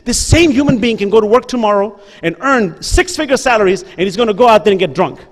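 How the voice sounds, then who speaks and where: Impassioned high-voiced man preaching. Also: expressive, fast. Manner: earnest, repetitive rhetorical questions and appeals. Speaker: lecturer at a religious gathering. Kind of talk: impassioned religious lecture. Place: school hall before an audience. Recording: reverberant hall.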